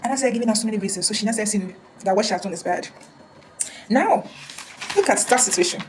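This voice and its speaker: A woman's voice: mid-range voice, quick pace, background noise. A woman counselor giving earnest advice in a casual talk, often repeating words and restarting.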